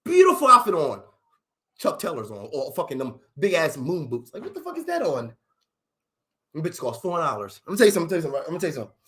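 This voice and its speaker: A man delivering a profane, animated comedic rant on a livestream. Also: on the high side, very fast. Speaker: livestream host.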